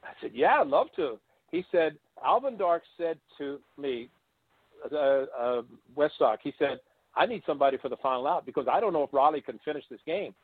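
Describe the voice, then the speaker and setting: A man's voice: fairly high pitch, normal speed, slightly rough, no echo. Older man telling stories over a tinny line. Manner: animated anecdotes, acting out quoted voices. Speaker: guest, former baseball catcher. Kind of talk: storytelling interview.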